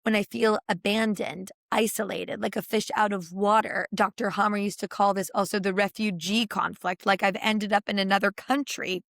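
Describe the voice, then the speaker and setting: A woman who is a podcast guest, explaining ideas in an animated, expressive conversational way. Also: mid-range voice, normal speed, vocal fry, hardly any pauses, dry recording, clean studio sound. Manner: animated and expressive, with gasps and laughs.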